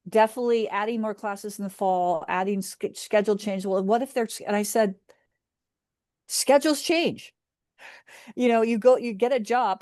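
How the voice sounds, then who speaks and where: A woman's voice: fairly high pitch, dark tone, dry recording, clean studio sound. A woman business coach chatting casually, retelling a client call and playing out both sides with frequent restarts. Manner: storytelling, acting out a client's words, many restarts. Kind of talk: casual chat.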